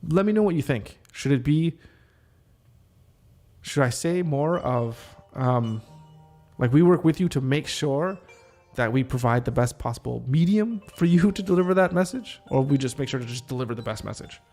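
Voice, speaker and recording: A man with a gravelly edge to his voice rehearses a script alone, trying out each line and pausing to question and reword it. His pitch sits in an ordinary middle range. A little music plays faintly behind him. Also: expressive, a little mellow. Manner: reads lines aloud, stops to rethink and reword. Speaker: podcast host. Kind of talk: casual solo script rehearsal.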